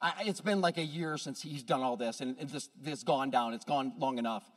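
A man preaching a sermon as a pastor. He retells a story conversationally, with direct asides to the audience, and swings between hushed and loud emphatic delivery. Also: mid-range voice, moderate pace, big-room sound.

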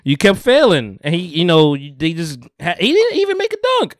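A man's voice: fairly high pitch, normal speed, dry recording, studio quality. A man co-hosting a casual podcast chat, telling stories with lots of laughter and repeated phrases. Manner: animated storyteller, laughs often, repeats phrases. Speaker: podcast co-host.

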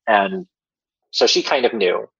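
Male guest storyteller, low husky voice, casual and filler-heavy, muffled lo-fi recording. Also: measured pace, fairly bright tone. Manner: rambling, filler-heavy, chuckles while talking. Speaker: podcast guest telling his story.

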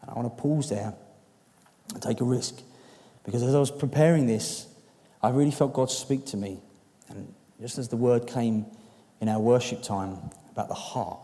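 Male preacher, mid-pitched, mellow, earnest sermon delivery with quiet intimate turns, church hall echo. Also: fairly even intonation, normal speed. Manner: earnest, building to emphatic peaks then softening to quiet, intimate appeals. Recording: long reverb of a hall.

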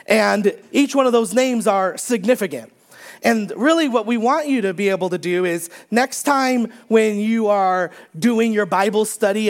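A man preaching a conversational sermon to his congregation, chatty and joking, with plenty of fillers. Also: high-pitched. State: recovering from strep throat. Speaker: pastor. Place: church sanctuary under stage lights.

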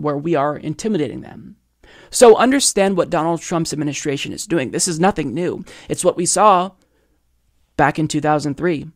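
A man's voice: a little high, darkish tone, dry recording, studio quality. Emphatic man hosting political commentary. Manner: emphatic and persuasive, addresses viewers directly. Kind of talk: opinion commentary monologue.

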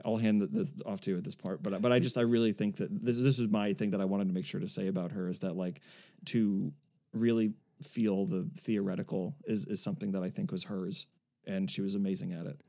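A man co-hosts a conversational academic podcast. His voice sits low and sounds warm and mellow. He speaks hesitantly, with frequent fillers and repeated words. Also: fairly even intonation, fairly quick. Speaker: podcast co-host.

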